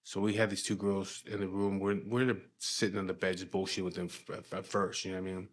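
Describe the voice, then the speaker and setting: A man's voice: low voice, flat delivery, a little fast. A man with a Chicano English accent telling a rambling, profane story from his past in casual speech, full of fillers and restarts.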